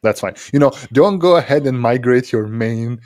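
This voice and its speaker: A man co-hosting a casual tech discussion over a video call, halting with many restarts. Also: mid-range voice, animated, darkish tone, no room sound, studio quality. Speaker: co-host.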